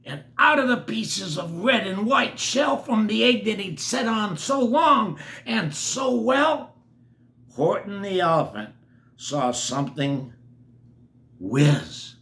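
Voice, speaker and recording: Older man, storybook reader for kids, bright voice, lively and sing-song, slow and unhurried. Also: sits high. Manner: animated, leaves the text to chat with kids. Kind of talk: reading a picture book aloud to kids.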